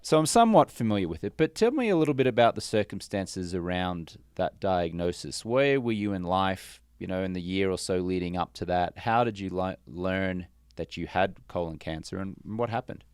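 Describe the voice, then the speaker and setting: A male podcast host with a very deep voice and a smooth, resonant tone. He asks measured, thoughtful questions and adds personal asides. The sound is dry and close. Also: animated, a little mellow, no echo. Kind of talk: interviewing a guest.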